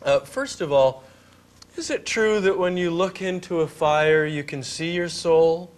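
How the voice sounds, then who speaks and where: A man's voice: on the high side, a little slow. A man co-hosting a comedy morning show, asking absurd questions in a playful, straight-faced way. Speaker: co-host. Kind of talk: improvised mock interview.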